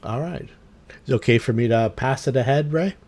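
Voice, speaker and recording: A man's voice: mid-range voice, brisk, darkish tone, a little hiss or hum. A man running a tabletop game as game master, narrating the enemies' moves and thinking aloud with fillers.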